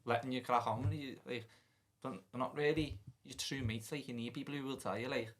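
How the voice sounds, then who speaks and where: Fast-talking, agreeable podcast co-host. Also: male voice, medium pitch, fairly even intonation, a bit bright. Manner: agreeable, chatty, lots of like. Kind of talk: casual podcast chat.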